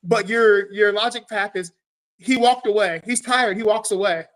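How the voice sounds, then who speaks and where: A man's voice: sits high, moderate pace, low-quality recording. A man, a guest fighter, retelling a fight in a casual podcast chat, swearing often and acting out what was said. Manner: animated storytelling, swears often, acts out his own quotes.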